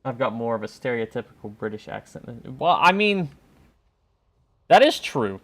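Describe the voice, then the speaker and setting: A man chats casually through his game stream, jokes along the way and yells at what happens on screen. His voice sits at a middle pitch but moves around a lot. The delivery is unscripted and animated. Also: moderate pace. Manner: animated, joking, yelling at the game. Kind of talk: casual gameplay commentary.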